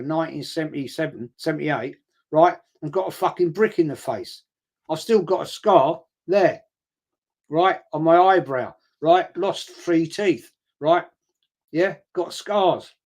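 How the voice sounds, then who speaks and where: A man's voice: on the high side, darkish tone. An older man talks in a slightly raised voice. He hosts a casual football watch-along, telling blunt, sweary stories and squaring up to his critics. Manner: blunt, sweary, confrontational storytelling. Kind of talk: casual live-stream chat.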